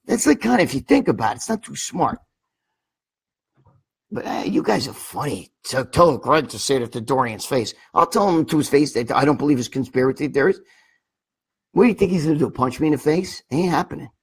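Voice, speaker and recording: A middle-aged man with a fairly high, husky voice hosts a casual live stream. He rambles through viewer questions in a blunt, profane way, calling out commenters by name. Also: animated, fairly quick. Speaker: livestream host answering viewer questions.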